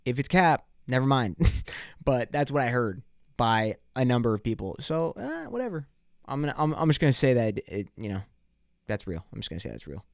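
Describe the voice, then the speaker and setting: A young man rants into a close, dry mic on his solo podcast, his voice smooth and resonant. He swears constantly, drops bro slang, and rambles through stories. He acts out both sides of made-up run-ins. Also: mid-range voice, expressive, fairly quick, no room sound. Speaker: podcast host. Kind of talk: casual solo podcast rant.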